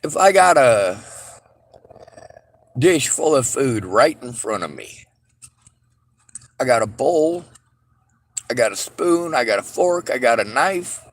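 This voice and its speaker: A man delivering a bitter, angry vlog monologue, swearing heavily and rising into shouts. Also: mid-range voice, sing-song, slow pace, pauses often. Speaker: vlogger.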